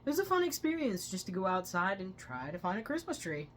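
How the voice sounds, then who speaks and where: A woman co-hosting a movie review channel, retelling scenes with loud excited quotes. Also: medium pitch, fairly quick, slight background noise. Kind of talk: casual movie review chat.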